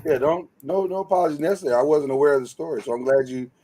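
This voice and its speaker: A man hosting a podcast in casual chat, animated and joking, with preacher-like flourishes. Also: fairly high pitch, rapid-fire, a loud crowd, poor audio. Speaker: podcast host.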